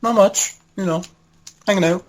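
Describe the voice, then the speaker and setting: A man's voice: high voice, moderate pace. Laid-back Canadian man. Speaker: Discord moderator guest. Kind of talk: casual podcast chat.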